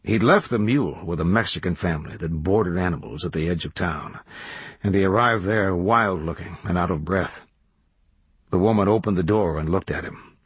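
A man reading a novel aloud as audiobook narrator, in measured, even storytelling. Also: sits low, slightly rough, dry recording. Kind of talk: scripted narration.

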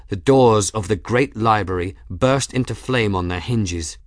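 A man reading a novel aloud as narrator, steady and measured. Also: on the low side, dry recording, studio quality. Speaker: audiobook narrator. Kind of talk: scripted narration.

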